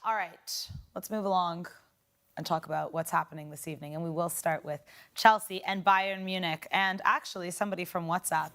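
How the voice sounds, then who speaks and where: A woman hosting a live football show, briskly running through lineups, scores and betting odds. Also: fairly low pitch, fairly even intonation, a bit bright. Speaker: presenter.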